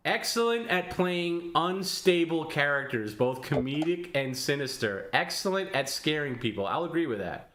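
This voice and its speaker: A man's voice: fairly high pitch, animated, moderate pace, few pauses, fairly bright tone. A man hosting a live stream, teasing his guest and laughing often. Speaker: stream host. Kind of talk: casual live stream banter.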